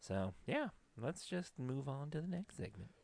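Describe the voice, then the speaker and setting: A man's voice: medium pitch, sing-song, moderate pace, vocal fry, heavy background noise. A man chatting casually on a podcast, tossing in short playful reactions and sing-song repeats. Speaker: podcast co-host. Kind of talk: casual chat.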